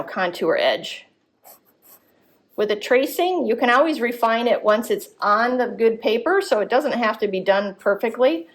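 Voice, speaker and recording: A woman teaching art, giving a live drawing demonstration at a gallery workshop and thinking aloud as she corrects her lines. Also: a little high. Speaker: art instructor.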